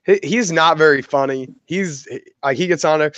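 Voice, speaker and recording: A man's voice: a little high, moderate pace, few pauses, dry recording, dull audio. A man with a slightly raised voice rambles casually with plenty of "like" and "uh". The recording is dry and close, with no room sound around him. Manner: relaxed, rambling, filler-heavy. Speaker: podcast host. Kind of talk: casual chat.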